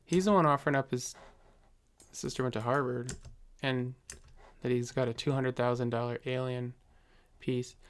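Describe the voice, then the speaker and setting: A man's voice: medium pitch, fairly even intonation, moderate pace, pauses often, clean tone. A man hosting a live stream, chatting casually with viewers and answering their comments in a rambling, jokey way full of fillers and chuckles.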